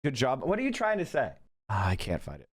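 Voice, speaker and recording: A man's voice: mid-range voice, wildly swooping pitch, brisk. A man hosting a casual livestream, reacting to clips with profane, heated, mocking rants. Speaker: streamer host.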